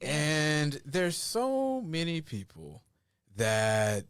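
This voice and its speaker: Brief: man, political candidate, earnest, stumbles into sentences, animated pitch. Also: drawn-out words, clean tone, no room sound, studio quality. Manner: earnest, repeats words as he starts. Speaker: congressional candidate. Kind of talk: casual panel chat.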